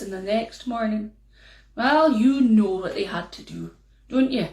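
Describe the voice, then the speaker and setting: Lively Scottish woman telling a tale. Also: mid-range voice, creaky, reverberant. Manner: lively, playful, drawn-out. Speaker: storyteller. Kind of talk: storytelling.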